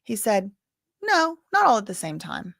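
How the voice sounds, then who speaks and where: A woman's voice: medium pitch, wildly swooping pitch, a little slow, creaky, a bit bright, no echo, clean studio sound. A woman giving casual live-stream commentary, reading news updates aloud with chatty asides, sounding tired. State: tired, yawning.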